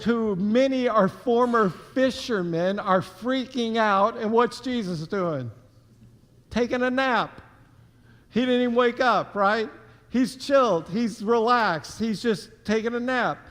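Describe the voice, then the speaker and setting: A man preaching a sermon as pastor, telling the story in a conversational, animated way with casual slang. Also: sits high, a little slow, in a large hall. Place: church sanctuary.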